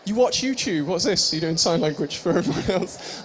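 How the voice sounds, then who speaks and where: A man's voice: sits high, lively intonation, normal speed, slight background noise. A young man hosting a live stage show, joking and teasing the audience in improvised comic banter. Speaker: stage host at a live fan convention.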